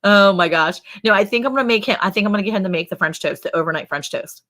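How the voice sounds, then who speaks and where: A woman in her thirties runs a relaxed live chat from her ranch. She talks in a friendly, rambling way, laughs often and calls out to viewers by name, at a medium pitch. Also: quick pace. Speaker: ranch livestream host. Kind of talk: casual live-stream chat.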